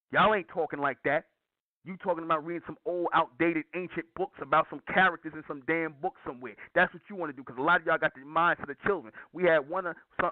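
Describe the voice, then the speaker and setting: A man's voice: on the high side, no echo. Preachy man on a tinny line. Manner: emphatic, repetitive, lecturing listeners directly. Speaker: call-in show host. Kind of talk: preachy call-in monologue.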